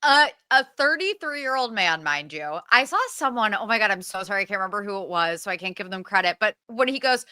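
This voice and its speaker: A young woman with a bright voice co-hosts a gossip podcast, laughing and cutting in with quick agreement. Her voice is recorded close and dry. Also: medium pitch, lively intonation, smooth, no echo. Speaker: podcast co-host. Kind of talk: casual gossip chat.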